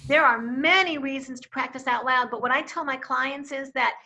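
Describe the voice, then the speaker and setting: Bright, high-voiced woman coaching on speech. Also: normal speed, gravelly. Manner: emphatic, quotes vivid examples. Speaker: communication coach. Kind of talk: interview conversation. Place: Akron, Ohio.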